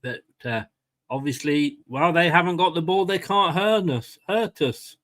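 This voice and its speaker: A man's voice: on the high side, moderate pace, fairly bright tone. A man hosting a casual live watchalong, commenting on play and chatting with viewers by name. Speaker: fan channel host.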